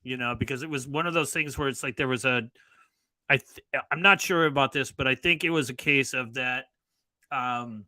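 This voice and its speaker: A man's voice: mid-range voice, normal speed, pushed and bright, no room sound, poor audio. A man co-hosting a casual football fan show, chatting loosely and restarting his sentences. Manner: rambling, restarts often. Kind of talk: casual banter.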